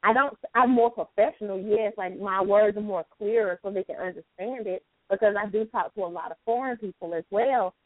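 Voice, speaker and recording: A woman's voice: medium pitch, no echo. A woman with a North Carolina accent, chatting animatedly and emphatically on a talk show. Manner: animated, talks fast and emphatic. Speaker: show regular. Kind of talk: casual chat. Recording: tinny phone-line audio.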